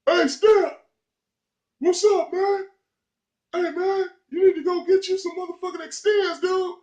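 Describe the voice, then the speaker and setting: A man voicing a rowdy young male heckler who yells crude, jeering taunts in a loud, high-pitched shout. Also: steady tone, unhurried, roomy sound.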